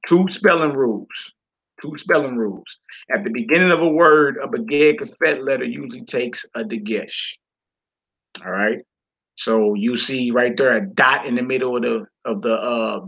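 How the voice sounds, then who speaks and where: A man's voice: mid-range voice, creaky, a bit bright, slightly rough, dull audio. A man teaching a class from a Hebrew textbook, reading passages aloud and explaining them with casual, folksy asides to the listeners.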